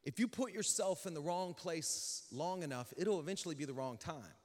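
A male pastor telling a story in a sermon, animated, dropping to a hush and then rising loud. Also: on the high side, normal speed. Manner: animated, swings between hushed and loud. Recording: long hall reverb.

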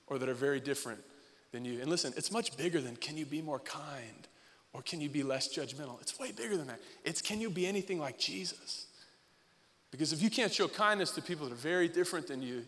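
A man preaching a sermon as pastor, loud and fiery, firing off rhetorical questions to his congregation. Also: a little high, long reverb tail.

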